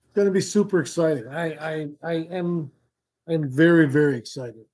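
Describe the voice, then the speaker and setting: Hosting a casual fishing livestream indoors at home, a man rambles, jokes, gets easily sidetracked and reads out comments. His voice is a little high and darkish in tone, at a moderate pace.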